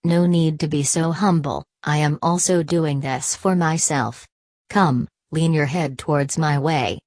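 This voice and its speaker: A woman voicing a calm, confident young male cultivator in an audiobook, speaking unhurriedly. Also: deep voice, measured pace, no echo, studio quality.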